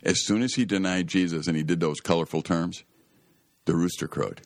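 A man's voice: sits low, fairly even intonation, moderate pace, dry recording. A man hosting a Christian radio talk show, telling a Bible story in an earnest, emphatic way that often rises to exclaim.

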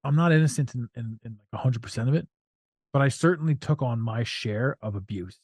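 Animated male podcast host, dry sound. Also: mid-range voice, brisk, slightly rough, no echo. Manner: animated, acts out voices and jokes. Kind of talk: casual podcast chat.

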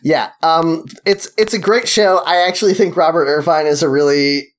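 A man's voice: on the high side, steady tone, moderate pace. A man co-hosting a podcast, chatting casually and laughing as he tells stories. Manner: laughs while telling stories. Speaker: podcast co-host. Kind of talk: casual chat.

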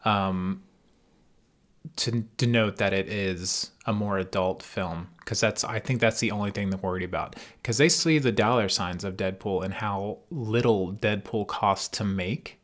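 A man co-hosting a casual podcast, chatting about movies in a relaxed way and swearing casually. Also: fairly low pitch, measured pace. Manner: laid-back, swears casually. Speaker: podcast co-host.

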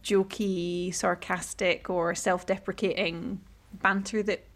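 A woman's voice: on the low side, level tone, takes it slowly. A woman hosting a podcast, speaking thoughtfully and casually with hesitant "you know"s. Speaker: podcast host. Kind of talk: casual conversation.

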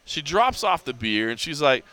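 A lively middle-aged man hosting a podcast, his voice sitting a little high and swinging widely as he tells a story. The tone is bright and forward, and the sound is smooth and clear. He acts out what everyone said, with lots of "like" in between. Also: moderate pace. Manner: animated storyteller acting out quoted dialogue, heavy use of "like". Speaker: podcast host. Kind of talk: casual storytelling chat.

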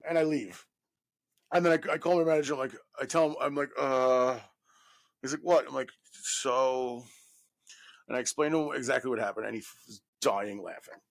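A man in his thirties from New York, a guest actor telling a profane, animated story full of fillers. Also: medium pitch, moderate pace, creaky. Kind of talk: casual anecdote telling.

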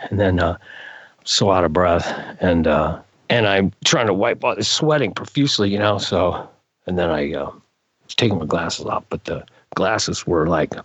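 A man guest on a podcast, casually telling animated stories with laid-back slang. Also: low-pitched, dry recording, dull audio. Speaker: podcast guest, frisbee freestyler. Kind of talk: casual storytelling.

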